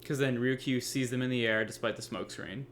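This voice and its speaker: A man's voice: medium pitch, steady tone, brisk, a bit bright, a little hiss or hum. A man co-hosting a casual anime discussion podcast, laid-back and loose, cursing now and then and filling his talk with "like" and "you know". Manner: laid-back, swears casually, lots of fillers. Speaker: podcast co-host. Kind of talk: casual chat.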